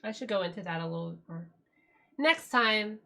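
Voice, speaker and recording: Bright-voiced British woman chatting on stream. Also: medium pitch, animated, moderate pace, vocal fry. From Britain. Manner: chatty, giggly, lots of fillers. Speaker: music streamer. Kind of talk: casual live-stream chat.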